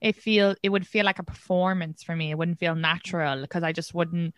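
A woman's voice: lowish voice, steady tone, brisk, no echo, clean studio sound. A woman with an Irish accent hosting a podcast, chatting candidly and giggling a lot. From Ireland. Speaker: podcast host. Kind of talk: casual chat.

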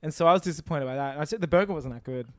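Male co-host, slightly high voice, rambling and loose, close dry mic. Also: racing, fairly bright tone, no room sound. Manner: loose, rambling, swears casually. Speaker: podcast co-host. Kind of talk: casual chat.

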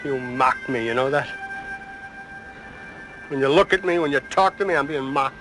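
An actor playing a bitter, lonely male prisoner in a vintage TV drama, shouting accusations. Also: mid-range voice, moderate pace, music in the background, close to an everyday voice, poor audio. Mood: bitter, furious.

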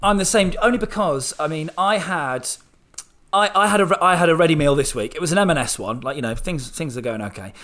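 A man with a slightly high voice trades jokes and quick asides on a podcast. His talk is casual and playful. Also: lively intonation, fairly bright tone. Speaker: podcast co-host. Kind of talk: casual chat.

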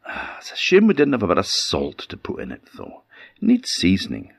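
A man's voice: sits low, wildly swooping pitch, a little fast, creaky, husky, dry recording, studio quality, voice pushed up, full character voice. A man with an Orkney Scots accent voicing a cunning old beggar who coaxes and wheedles. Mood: coaxing. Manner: wheedling, persuasive, chuckling. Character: cunning old male beggar, coaxing and sly.

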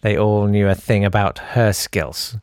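A man's voice: on the low side, measured pace, clear, resonant tone, no echo, studio quality. A man hosting a podcast, reading out listener messages and reacting with self-deprecating, lightly theatrical humour. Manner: animated, self-deprecating, reads messages aloud with mock-dramatic voices. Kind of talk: casual chat.

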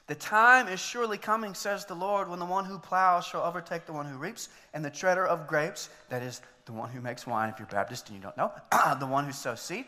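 Bright high-voiced man preaching in a hall. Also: a little fast, hardly any pauses. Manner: reads scripture aloud with joking asides. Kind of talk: sermon.

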